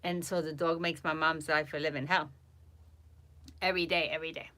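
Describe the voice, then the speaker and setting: A woman host casually chatting on a home live stream, animated and cooing baby talk to her dog at times. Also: deep voice, brisk.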